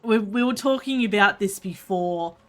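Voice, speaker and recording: Aussie lady streaming a game, chatty, swears a lot, mid pitch. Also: normal speed, fairly bright tone. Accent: Australian. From Australia. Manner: chatty, blunt, swears freely. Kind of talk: casual chat while gaming.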